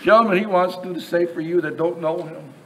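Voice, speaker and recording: A man with a high speaking voice preaches an earnest sermon. He talks plainly and often repeats words as he finds his way through his points. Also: quick pace, pushed and bright, low-quality recording.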